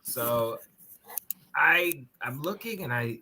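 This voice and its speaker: A man with a New York accent, a podcast guest telling a story from his bedroom over a webcam, animated and swearing, laughing as he goes. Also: medium pitch, slow pace, slight background noise. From Brooklyn, New York. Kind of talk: casual podcast chat, storytelling. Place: bedroom at home.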